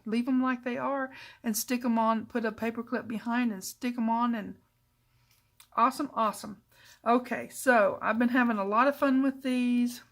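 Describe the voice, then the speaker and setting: A middle-aged woman hosting a casual crafting tutorial, chatty and self-deprecating, with frequent asides as she works. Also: fairly high pitch. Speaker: papercraft channel host.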